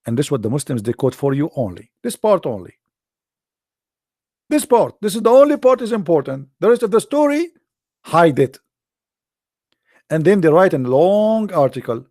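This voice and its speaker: A man's voice: fairly high pitch, big pitch swings, darkish tone, no echo, studio quality. A man giving mocking religious commentary, sarcastic and sing-song, drawing out the words he quotes. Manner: sarcastic, sing-song mockery with slow drawn-out quoting.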